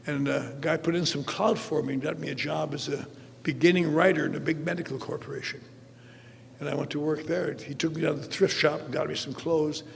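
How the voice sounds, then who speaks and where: An older man with a gravelly, fairly high voice tells wry, funny stories at a recovery meeting, acting out the dialogue as he goes. He is recorded live in a large convention hall, with a long reverb and faint noise in the background. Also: steady tone, a little fast. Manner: wry, acts out dialogue in the story. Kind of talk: humorous storytelling talk.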